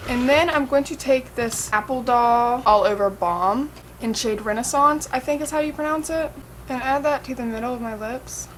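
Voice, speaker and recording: A woman's voice: sits high, moderate pace, a little hiss or hum, poor audio. A young woman chatting casually through a makeup tutorial, swearing and saying "like" and "um" a lot. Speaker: makeup vlogger.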